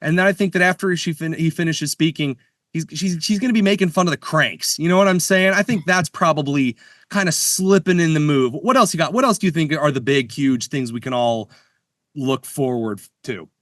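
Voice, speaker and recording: A man talks in a relaxed, joking way as a podcast co-host, tripping over his words and restarting as he goes. His voice sits a little high and sounds dry and close to the mic. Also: fairly quick, dry recording. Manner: playful, stammering restarts, jokey bets. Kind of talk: casual chat. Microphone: studio mic.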